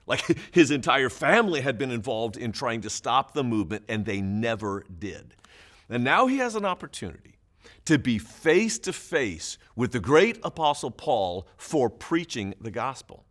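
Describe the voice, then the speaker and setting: A man's voice: mid-range voice, big pitch swings, moderate pace, a bit bright. A man pastor giving Bible teaching for small groups, explaining emphatically with occasional chuckles.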